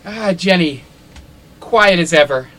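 Man playing a sly smirking woman adventurer, teasing tone, slightly high voice, faint noise behind. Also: animated, slow pace, a bit bright, heavily acted. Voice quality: teasing, smug.

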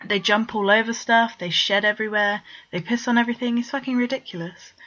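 A man's voice: sits high, fairly even intonation, brisk, pushed and bright, lo-fi sound, pitched above the performer's own voice. A woman voicing an irritable, sarcastic adult man who hates cats, swearing in exasperation. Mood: irritated. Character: irritable grumpy adult man, cat-hating older brother.

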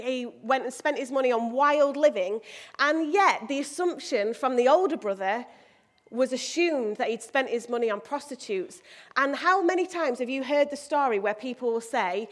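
A woman preaching a sermon, animated and acting out quoted voices. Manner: animated, acts out quoted voices with big pitch jumps.

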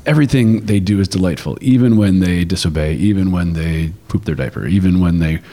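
A man with a very deep voice chats on a podcast. He talks in a lively storytelling way and jumps into quoted voices as he goes. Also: brisk. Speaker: podcast co-host. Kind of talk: casual podcast chat.

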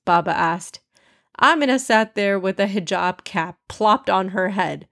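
A woman reading a children's story aloud in a clear, measured way. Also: mid-range voice, a bit bright.

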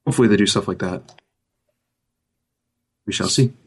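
A man with a fairly low voice talks loosely on a gaming podcast, wandering from point to point. His humor is dry and wry, and he tosses in quick asides as he goes. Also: gravelly, breathy edge. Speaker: podcast co-host. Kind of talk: casual gaming chat.

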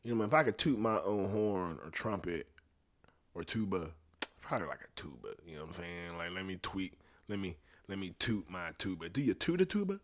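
On his solo podcast, this host rambles casually, swears freely and cracks himself up at his own jokes. He speaks at a moderate pace in a low-pitched voice.

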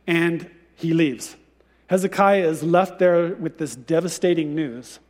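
A pastor with a high, light voice delivers a sermon, telling the story in a lively, conversational manner. His voice rings out with a long reverb, as in a large church sanctuary. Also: unhurried. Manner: storytelling, animated retelling with conversational asides.

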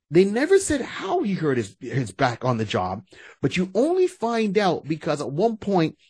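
A man co-hosting a casual podcast, animated and breaking into quoted voices as he talks. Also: medium pitch, slightly rough, no room sound. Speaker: podcast co-host. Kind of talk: casual chat.

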